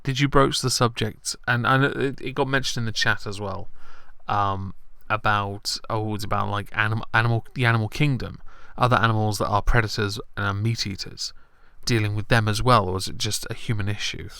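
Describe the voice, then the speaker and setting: Gravelly, bright-toned male chat guest. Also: on the low side, fairly even intonation, brisk, dry recording, studio quality. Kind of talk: casual chat.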